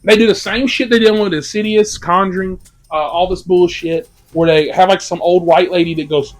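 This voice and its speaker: A young man giving a casual, profane ranked review of bad movies, ranting with lively emphasis. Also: sits high, moderate pace, soft background music.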